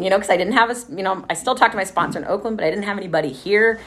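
A woman's voice: mid-range voice, expressive, rapid-fire, hardly any pauses, a bit bright. A woman from Texas telling her recovery story in a casual, chatty way, swearing freely and laughing often.

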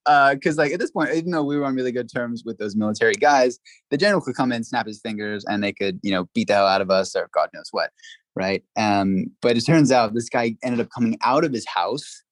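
A man guesting on a podcast, telling a story in a lively, casual way, full of "like" and acted-out quotes. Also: mid-range voice, fairly quick, no room sound, rough recording. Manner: animated, acts out quotes, frequent "like" fillers.

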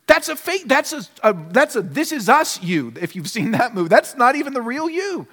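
A pastor delivers a sermon with earnest emphasis, driving points home by repeating key phrases. His voice sits high with a fairly bright tone, trailing a long reverb.

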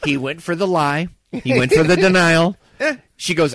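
A man's voice: on the high side, normal speed, no room sound, clean studio sound. A man co-hosting a podcast, telling a story in a casual chat over drinks at someone's home and acting out the quotes. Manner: animated storyteller, acts out quotes. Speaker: podcast co-host. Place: indoors, home.

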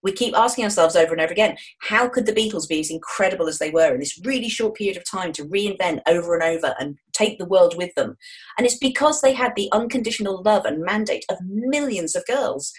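A woman in her forties, a guest in an interview, telling stories in a frank, jokey, lively way. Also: mid-range voice, fast. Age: 40s. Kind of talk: interview chat.

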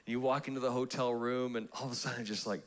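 In a church auditorium, a pastor with a medium-pitched, steady voice preaches at a quick pace. He shares a personal story conversationally, laughing at himself and restarting sentences.

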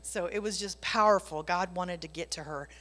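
A Christian speaker shares a casual faith testimony in a lowish, fairly bright voice at a moderate pace. She tells it with animation, dropping into whispers for emphasis, and the recording has long reverb.

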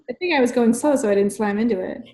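A woman's voice: fairly high pitch, brisk, mellow. A woman hosting a podcast in casual chat, enthusiastic and affirming, gushing over her guest. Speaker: podcast host.

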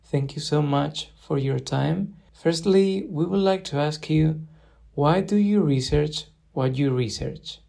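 A man with a somewhat high, gravelly voice asks prepared interview questions politely. His tone is dark and mellow rather than bright. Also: slow pace.

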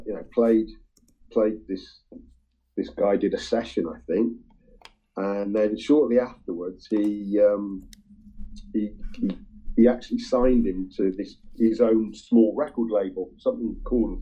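Husky man on a tinny line. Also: fairly low pitch. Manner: halting, full of ums and restarts. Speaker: music-sharing group member. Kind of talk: casual chat.

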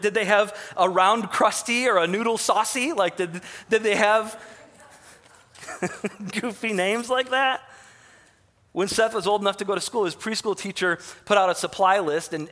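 Preaching in a reverberant church sanctuary, this Michigan-born pastor in his thirties talks fast with almost no pauses, in a high, fairly bright voice of mostly even intonation. He keeps it folksy and pokes fun at himself, his Michigan accent coming through amid many fillers and restarts.

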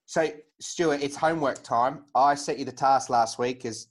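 A man hosting a podcast chat, relaxed and joking as he asks questions. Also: medium pitch, moderate pace. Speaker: podcast host.

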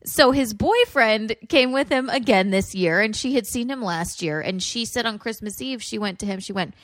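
A woman's voice: on the high side, expressive, moderate pace, fairly bright tone, dry recording. A young woman co-hosting a podcast, telling a family story in casual chat, laughing often. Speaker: podcast co-host.

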